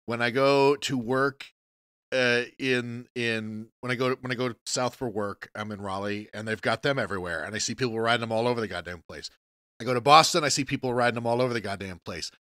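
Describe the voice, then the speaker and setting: Male podcast co-host, casual profane storyteller, bright dry delivery. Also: medium pitch, clean tone, no echo. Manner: rambling, profane, halting restarts. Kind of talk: casual chat.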